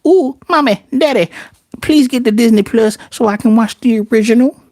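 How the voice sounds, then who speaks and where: Eager little kid, begging and gushing, as a man voices it. Pitched way up and loud. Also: moderate pace, no echo, clean studio sound. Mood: pleading.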